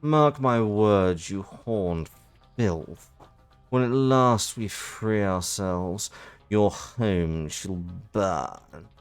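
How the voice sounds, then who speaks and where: A man voicing a haughty female harpy in a game, speaking slowly with cold contempt. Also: on the low side, clear, resonant tone, soft background music. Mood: scornful.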